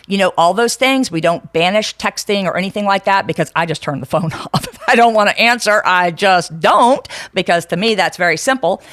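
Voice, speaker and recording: A woman's voice: lowish voice, no room sound. A woman co-hosting a podcast in casual, frank talk, chatty and full of fillers and restarts. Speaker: podcast co-host.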